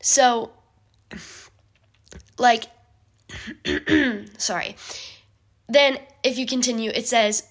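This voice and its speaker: A young woman giving a casual bible study talk, chatty and full of fillers, often clearing her throat. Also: on the high side, extremely slow, pauses often.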